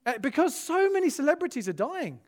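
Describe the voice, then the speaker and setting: A man's voice: very high-pitched, fairly quick. A man, a pastor preaching a sermon to his church, telling stories and acting out dialogue, with frequent cries of hallelujah and amen. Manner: animated, exclaims hallelujah and amen; storytelling, acts out quoted dialogue.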